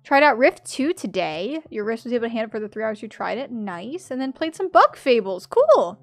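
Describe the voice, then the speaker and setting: A woman streaming a platform game, chatting with her viewers, laughing a lot and yelling loudly when she fails. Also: on the high side, very animated, a little fast. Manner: chatty, laughs often, bursts into loud yells at failures. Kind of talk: casual live-stream commentary.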